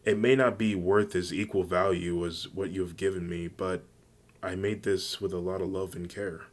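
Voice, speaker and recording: A man voicing a cheerful teenage hero girl in a fan-made story reading, raising his low voice to sound eager and friendly. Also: steady tone, moderate pace, lightly acted. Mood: grateful.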